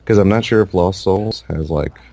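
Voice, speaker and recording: A man with a deep, gravelly voice co-hosts a casual gaming podcast. He rambles with plenty of fillers and restarts. His close mic sounds dry and dead. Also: normal speed, dark tone, dry recording. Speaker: podcast co-host.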